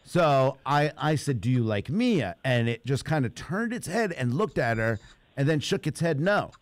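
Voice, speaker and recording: A man hosting a radio stream tells a funny story with a lively voice that swings up and down, laughing as he goes. He sits close to a studio mic in a dry, dead room. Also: fairly high pitch, moderate pace, no echo. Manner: animated storyteller, laughs often, puts on cooing baby talk to a toy. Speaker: radio show host. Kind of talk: casual comedic storytelling.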